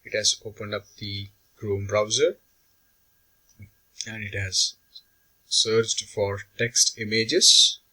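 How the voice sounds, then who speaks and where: Slow, bright-voiced man explaining software. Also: fairly low pitch, steady tone, low-quality recording. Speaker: software tutorial instructor. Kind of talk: screen-recorded software tutorial.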